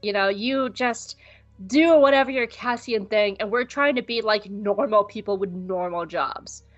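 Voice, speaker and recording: A woman's voice: medium pitch, unhurried, dull audio, soft background music, natural voice. A woman doing an angry, fed-up young woman. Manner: blunt, swearing, scolding.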